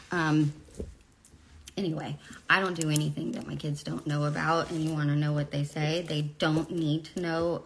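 Woman vlogger, 40s, low gravelly voice, blunt and profane, faint hiss behind. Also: a bit bright. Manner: blunt, profane, rambling storytelling. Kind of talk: candid personal vlog.

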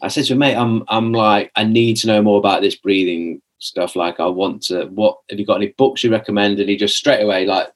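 Husky, chatty man. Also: fairly low pitch, fairly even intonation, a little fast, hardly any pauses. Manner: chatty, rambling, many restarts and "like" fillers, acts out his own past lines. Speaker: podcast guest. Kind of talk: casual conversational storytelling.

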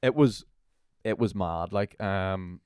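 A man's voice: low voice, slow pace, darkish tone, clear, resonant tone, no echo, clean studio sound. A young Northern Irish man chatting as a podcast guest, telling rambling anecdotes full of swearing and fillers. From Northern Ireland. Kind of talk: casual storytelling chat.

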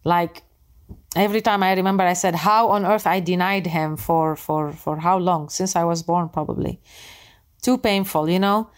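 A woman's voice: fairly low pitch, fairly even intonation, normal speed. A woman giving an emotional personal testimony in non-native English, earnest, acting out quoted dialogue and often stumbling over and repeating words. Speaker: storyteller recounting her conversion.

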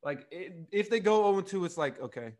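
A man's voice: high-pitched, animated, a little fast, a little mellow. A young man co-hosting a podcast, talking loosely with lots of fillers and swearing. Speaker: podcast co-host. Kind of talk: casual chat.

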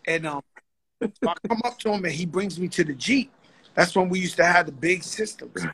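A man's voice: high-pitched, lively intonation, moderate pace, fairly bright tone, breathy edge. A man hosting a casual interview over a video call, telling stories in loose, slangy banter. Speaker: host.

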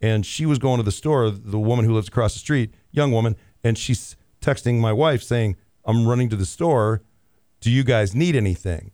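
A man in his sixties hosting a morning radio show, telling stories in an animated way and laughing at himself. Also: medium pitch, moderate pace, no room sound, clean studio sound. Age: 60s. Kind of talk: casual radio chat. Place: radio studio.

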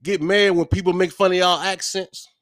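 Guy hosting a podcast, chill and slangy, kinda high voice, dry close sound. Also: fairly even intonation, moderate pace, a bit bright, no echo. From Virginia, USA. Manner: laid-back, slangy, repeats phrases. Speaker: podcast host. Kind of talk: casual interview chat.

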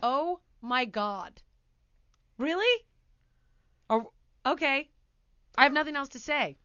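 A woman hosting a podcast, telling a story in casual chat, animated and acting out quotes loudly. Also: sits high, unhurried, clean tone, no echo, highs cut off. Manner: animated, breaks into laughter, acts out quotes loudly. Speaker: podcast host.

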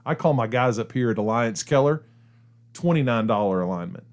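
A man's voice: mid-range voice, animated, brisk. A middle-aged man hosting a radio show, telling a story in casual chat and laughing as he goes. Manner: chatty, laughs through his stories.

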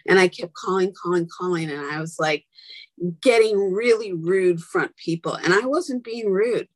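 A woman's voice: lowish voice, normal speed, no echo, low-quality recording. A woman telling her own story in a candid, angry, blunt and profane monologue, with whispered asides.

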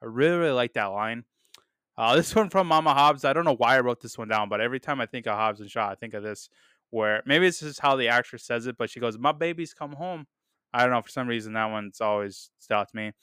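Talking fast with a pushed, bright, smooth medium-pitched voice, a podcaster enthusiastically walks through a movie review. He leans on fillers, keeps saying "really, really," and chuckles at quotes he reads. The sound is studio quality with no echo.

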